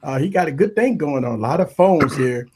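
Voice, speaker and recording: Husky, hyped-up male tech stream host. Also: fairly high pitch, fairly quick. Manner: hype, repetitive shout-outs, animated. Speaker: livestream tech show host. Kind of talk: casual livestream chat.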